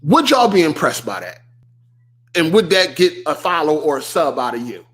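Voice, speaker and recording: A man's voice: fairly high pitch, very animated, normal speed, a bit bright. A young man hosting a live stream, chatting casually and profanely with viewers and firing rhetorical questions at them. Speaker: streamer host.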